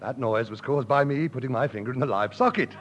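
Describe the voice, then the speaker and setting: A man performing deadpan radio sketch comedy in a mock-lecturing manner. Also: mid-range voice, fast, slight background noise.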